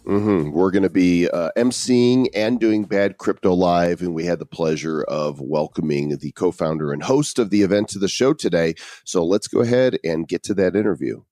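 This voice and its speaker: A man's voice: deep voice, moderate pace, few pauses, dark tone, dry recording, soft background music. A man hosting a podcast in a playful, joking way, introducing a guest. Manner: playful, jokes with a put-on French accent. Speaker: podcast host. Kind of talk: casual podcast chat.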